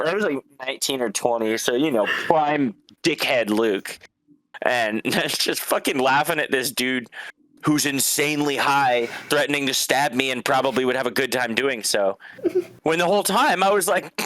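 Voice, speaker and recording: A young man telling stories in casual talk, animated and swearing, who laughs often and acts out the voices of the people in them. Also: a little high, normal speed. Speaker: guest. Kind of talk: casual storytelling.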